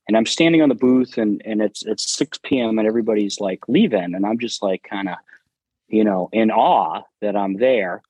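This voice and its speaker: A man, a guest on a talk show, telling animated casual anecdotes and swearing freely. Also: medium pitch, moderate pace, husky, no echo, low-quality recording. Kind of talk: casual storytelling.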